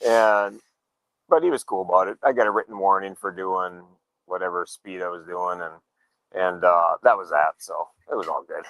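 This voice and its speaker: A man in casual chat telling a story, acting out the quoted dialogue in a relaxed way. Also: deep voice, normal speed, no room sound, poor audio. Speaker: show regular, motorcyclist.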